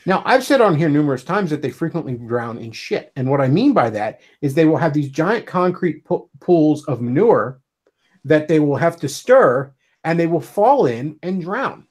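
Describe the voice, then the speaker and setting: A man's voice: fairly high pitch, very animated, moderate pace, darkish tone. Profane, ranting male livestream host. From United States. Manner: profane, heated, sarcastic. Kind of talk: ranting casual monologue.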